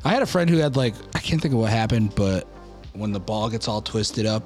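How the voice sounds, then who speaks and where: Lively low-voiced podcast man. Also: faint music behind. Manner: lively, swears freely, quick reactions. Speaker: podcast co-host. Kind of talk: crude casual chat.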